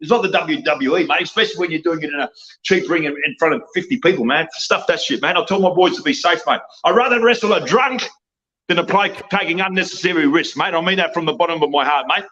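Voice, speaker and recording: Rowdy drunk Australian man rambling loudly. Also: on the high side, fast talker, lo-fi sound. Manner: loud, excitable, rambling, says mate and bro constantly. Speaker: guest wrestler. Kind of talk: rambling podcast rant.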